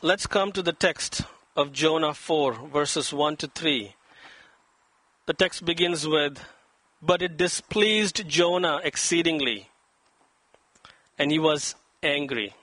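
A man's voice: takes it slowly, long pauses, pushed and bright, no room sound. A man preaching a sermon, telling a story and reading scripture, acting out quoted speech with dramatic emphasis. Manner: dramatic, acts out quoted voices with rising pitch. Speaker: pastor.

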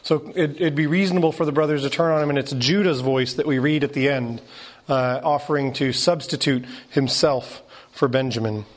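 A man leading a Bible study, explaining a passage in a relaxed way with fillers. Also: mid-range voice, moderate pace. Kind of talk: casual teaching.

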